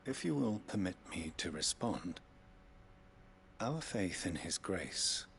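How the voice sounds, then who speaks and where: A man's voice: low voice, very animated, takes it slowly, gravelly, fairly bright tone, a little hiss or hum, heavily acted. An actor playing a solemn, devout male knight-leader who speaks in formal, courtly phrases.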